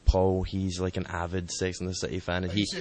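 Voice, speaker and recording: A bassist with a deep voice who weighs his words and hedges as he goes. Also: monotone, a crowd in the background. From Scotland. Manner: measured, hesitant. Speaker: band bassist. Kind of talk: casual interview answers.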